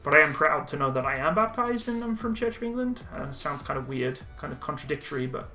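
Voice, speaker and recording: Bright-voiced young man chatting live. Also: on the high side, quick pace, soft background music. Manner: relaxed, chatty, frequent ums and laughs. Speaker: streamer reading viewer chat. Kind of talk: casual live chat.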